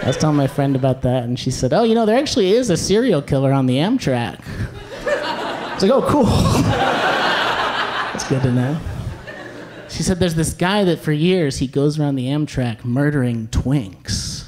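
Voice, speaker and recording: Recorded live with audience laughter in the background, a young comic delivers a stand-up set with dry, wry humor and quick asides. His voice is a little high and animated, and the recording is very noisy.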